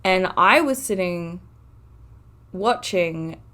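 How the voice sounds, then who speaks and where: A woman's voice: fairly low pitch, animated, drawn-out words, a bit bright. A woman in her twenties hosting a casual solo podcast, talking earnestly and from the heart with frequent "like" fillers. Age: 20s. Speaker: podcast host.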